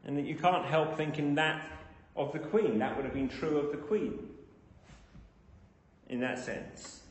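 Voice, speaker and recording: A man's voice: on the high side, unhurried. A man preaching a sermon to a congregation, building to emphatic, repeated phrases. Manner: builds to emphatic, rising repetition. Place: church. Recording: echoey reverberant church hall.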